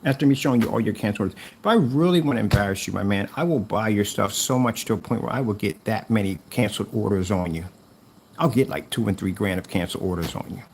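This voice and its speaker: A man's voice: on the low side, fast talker, darkish tone, slight background noise. A man delivering a mocking, repetitive callout rant against a rival seller. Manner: taunting, mocking, repeats himself. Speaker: YouTuber calling out a rival seller.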